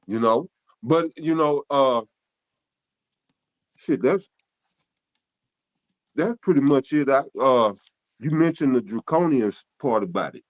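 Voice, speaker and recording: A man's voice: medium pitch, highs cut off. A man gives casual spoken Bible teaching, with loose, conversational talk, frequent restarts and cursing.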